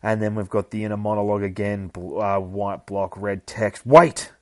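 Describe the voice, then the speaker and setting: A low-voiced man hosts a podcast and recaps a horror comic as a loose, casual story. He laughs often and swears freely. The sound is dry, with no room in it. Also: normal speed, dry recording. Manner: laughing, profane, animated storytelling. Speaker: podcast host.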